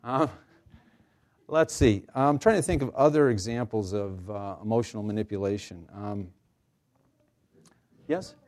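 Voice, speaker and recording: Low-voiced man leading a workshop. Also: measured pace, long pauses, a little mellow. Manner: conversational, many fillers and restarts, light humor. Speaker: counselor leading a staff workshop. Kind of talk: informal workshop presentation. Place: room with a live audience.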